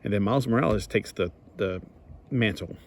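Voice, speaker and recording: A man's voice: fairly low pitch, a little fast. A man giving a casual comic book review in a rambling way, full of restarts, asides and exasperated griping.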